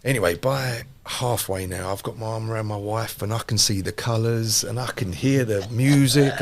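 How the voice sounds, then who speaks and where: A man, a podcast host telling a lively personal story in casual chat. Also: on the low side, moderate pace, hardly any pauses, slight background noise. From London. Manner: animated anecdote teller, repeats phrases for emphasis.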